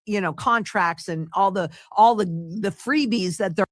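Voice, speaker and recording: A woman's voice: medium pitch, normal speed, dry recording. Woman, cautionary lecture, very dry close sound. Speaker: financial commentator. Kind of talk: lecture clip played on the stream.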